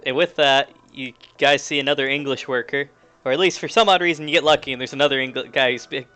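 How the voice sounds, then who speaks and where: A man runs a tabletop game session, narrating in an easygoing, improvised way. His voice is smooth and resonant at a middle pitch, with faint music underneath. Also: fairly even intonation, fast talker, sharp tone. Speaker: game master.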